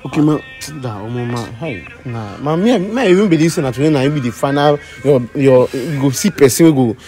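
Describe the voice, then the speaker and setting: A man with a Nigerian accent hosting a street blind-date skit, coaxing and calming the others. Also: medium pitch, brisk, soft background music.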